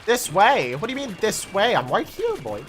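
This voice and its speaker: A young man chatting casually to his viewers while playing a game, animated and chatty. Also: high voice, moderate pace, slight background noise. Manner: animated, chatty, talks to chat. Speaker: game streamer. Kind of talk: casual live-stream chat while gaming.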